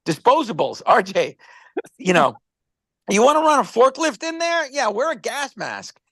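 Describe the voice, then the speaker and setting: A man's voice: extremely high pitch, very animated, moderate pace, fairly bright tone, dry recording. A man casually presenting a product on a live stream, rambling through stories and stumbling over repeated words.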